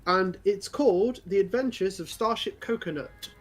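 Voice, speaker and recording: A man's voice: high voice, normal speed. A man chatting casually during a co-op video game, asking his friend questions and hesitating as he restarts his sentences. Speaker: co-op gaming partner. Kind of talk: casual chat while playing a co-op game.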